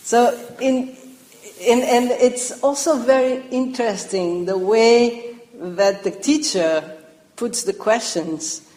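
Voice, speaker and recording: Slow, reflective woman giving a dharma talk. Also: mid-range voice, a little mellow. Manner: reflective, with light laughs and restarts. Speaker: meditation teacher. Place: retreat hall. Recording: roomy hall reverb.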